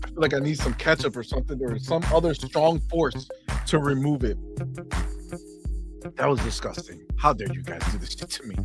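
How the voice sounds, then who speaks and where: A male livestream host on a podcast, ranting in a profane, exasperated way. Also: medium pitch. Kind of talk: livestream chat.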